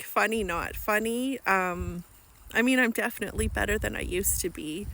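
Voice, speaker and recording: A woman's voice: mid-range voice, lively intonation, moderate pace, gravelly, very noisy. A middle-aged woman, an author, talking candidly to camera outdoors by a lake, cold and freezing, reflective and self-deprecating with many fillers. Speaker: author and vlogger. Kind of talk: casual reflective vlog monologue.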